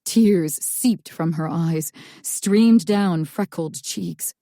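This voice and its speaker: A woman narrating a first-person thriller audiobook in a slow, tense storytelling manner. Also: on the low side, warm tone, no room sound, clean studio sound.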